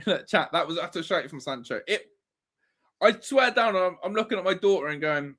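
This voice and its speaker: A man's voice: high-pitched, lively intonation, normal speed, a bit bright. A man hosting a live football watch-along, ranting and swearing in exasperation at his team. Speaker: fan channel host.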